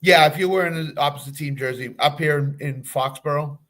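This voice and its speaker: A man's voice: a little high, a little fast, a bit bright. A man guesting on a football podcast, talking emphatically and repeating short phrases for punch. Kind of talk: casual sports talk.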